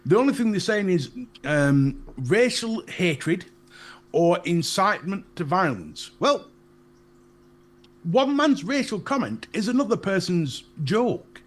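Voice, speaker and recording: A Northern English man on a casual live chat show, talking high and with a lot of swing in his pitch. He rants bluntly and swears freely, laughing at his own jokes. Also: sing-song, slow. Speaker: podcast co-host.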